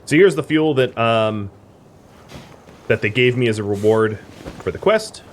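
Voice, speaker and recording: A man's voice: mid-range voice, animated, a little slow, slight background noise. A man streaming a video game, casually explaining the mechanics with lots of fillers. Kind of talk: casual gameplay commentary.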